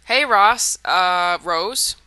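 Brief: audiobook reader doing a cryptic schoolboy, halting then insistent, crisp bright voice. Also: mid-range voice, no room sound, exaggerated voice. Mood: earnest. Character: earnest, cryptic teenage schoolboy. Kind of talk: audiobook character voice.

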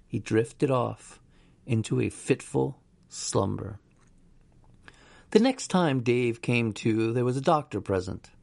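A man narrating a story in a slow, even storytelling manner. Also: medium pitch, vocal fry, dry recording. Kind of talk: audiobook narration.

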